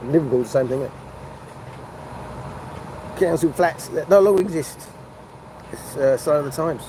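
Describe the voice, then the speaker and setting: Amid a noisy background, an older man from North London chats casually on a phone livestream at a motorway service station café. His voice is a little high at normal speed, and he rambles in a chatty, meandering way, restarting sentences midway.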